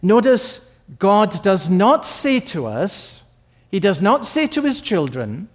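A man preaching a sermon, slow and emphatic, repeating key phrases for weight. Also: high-pitched, very animated.

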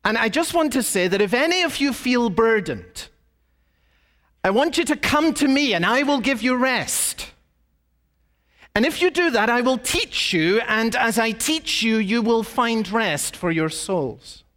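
A man preaching a sermon as pastor, telling a story and asking rhetorical questions, slowing down on emphatic phrases. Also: very high-pitched, lively intonation, fairly bright tone, in a large hall. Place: church.

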